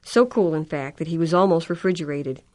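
Low-voiced woman reading a novel. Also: fairly quick, a little mellow. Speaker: audiobook narrator. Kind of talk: scripted narration.

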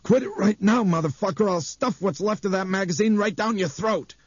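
A man's voice: high voice, a little fast, slightly rough, no room sound, highs cut off, pitched above the performer's own voice. A man voicing a hot-tempered older man who makes furious threats.

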